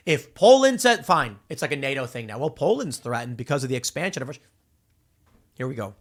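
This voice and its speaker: A man in his thirties hosting casual political commentary, talking in an animated way, acting out voices and restarting his sentences often. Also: mid-range voice, brisk. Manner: animated, acts out voices mid-story, frequent restarts.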